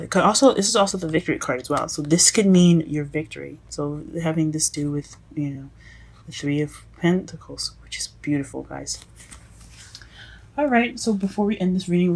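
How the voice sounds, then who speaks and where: A tarot reader gives her viewers a casual reading, halting and correcting herself as she goes and often calling them "guys." Her voice sits low.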